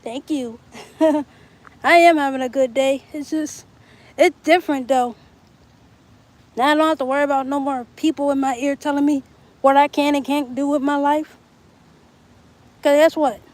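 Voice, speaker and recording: A young woman with a high voice chats to her viewers on a casual livestream. She rambles from one thought to the next in an easygoing, conversational way. She is streaming from outdoors in bright sunlight. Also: steady tone, moderate pace, pauses often, low-quality recording. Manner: rambling, chatty, talks to viewers.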